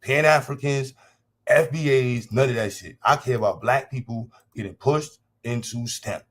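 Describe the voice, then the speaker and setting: A man's voice: medium pitch, normal speed, fairly bright tone. Blunt, profane man hosting a livestream. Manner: repeats himself for emphasis. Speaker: livestream host. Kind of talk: casual livestream talk to chat.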